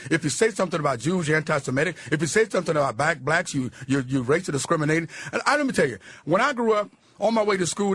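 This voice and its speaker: A man in his sixties, a guest on a talk radio show, speaking loudly, roughly and emphatically as he preaches his views. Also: on the high side, dry recording. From United States. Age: 60s.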